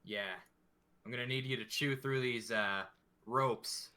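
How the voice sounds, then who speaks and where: Male player, bright forceful tone, playful banter. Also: medium pitch, fairly even intonation, unhurried. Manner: playful, joking. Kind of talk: casual tabletop game chat.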